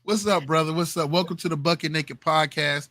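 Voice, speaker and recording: A man with a bright, forward voice hosts a late-night podcast with a laid-back, slangy delivery. His voice is a little high for a man and sounds dry and close to the mic. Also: a little fast, no room sound. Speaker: podcast host. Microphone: home streaming mic, adjusting gain.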